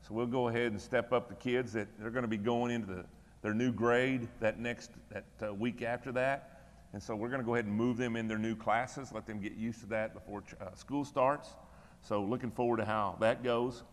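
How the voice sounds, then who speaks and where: A man's voice: mid-range voice, fairly even intonation, fairly quick, long reverb tail. A middle-aged man serving as pastor, giving church announcements and prayer requests in a folksy, conversational, encouraging way in a church room.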